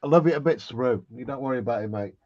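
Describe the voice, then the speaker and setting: A man with an English accent chats casually with friends on a livestream, breezy and self-mocking. His voice sits at a middle pitch. The audio is dry and a bit dull and lo-fi. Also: fast, darkish tone, no room sound. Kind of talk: casual group chat on a livestream.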